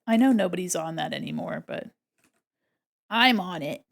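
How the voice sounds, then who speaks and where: A woman's voice: on the low side, expressive, moderate pace, creaky. A woman from the United States chatting casually while she draws on stream, joking around and slipping into silly voices.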